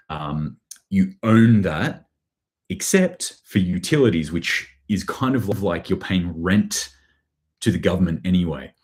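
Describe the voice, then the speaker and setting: A man's voice: sits low, a little mellow. An Australian man hosting a live prepping show, giving casual news commentary in a rambling, sardonic way with dry sarcasm. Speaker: prepping channel host.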